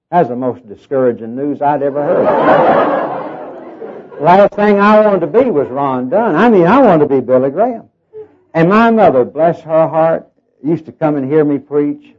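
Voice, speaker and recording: A middle-aged man from Oklahoma, raised in Arkansas, preaches in a folksy, story-driven way full of fillers and self-deprecating humor, with a Southern US accent and a nasal tone. His voice is a little high, animated, and unhurried, heard on a dull lo-fi sermon tape.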